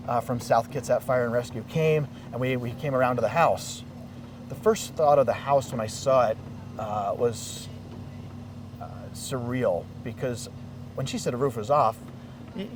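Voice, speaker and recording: A man being interviewed outdoors in a neighborhood, telling a personal story in an animated way and acting out what people said. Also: mid-range voice, distant mic, a little hiss or hum. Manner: animated, acts out quoted dialogue. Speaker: interviewee, local resident.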